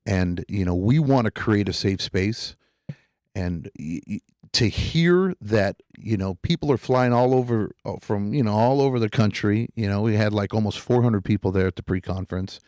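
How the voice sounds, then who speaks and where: Earnest low-voiced man co-hosting a podcast. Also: normal speed, a little mellow, no echo, studio quality. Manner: earnest, repeats himself, many fillers. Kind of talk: casual podcast chat.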